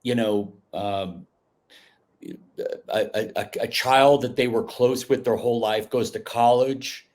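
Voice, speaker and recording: A man's voice: mid-range voice, steady tone, takes it slowly, a little mellow. A man hosting a podcast, talking casually and rambling as he searches for words. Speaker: podcast host.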